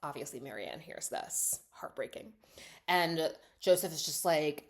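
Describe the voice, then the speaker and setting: A woman's voice: fairly low pitch, lively intonation, measured pace. A young woman telling a movie plot in a chatty, sarcastic way, full of "like" and "obviously," acting out the characters' lines. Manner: chatty, sarcastic, heavy "like" and "obviously", acts out quotes. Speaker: writer and coach recapping a movie. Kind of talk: casual storytelling recap.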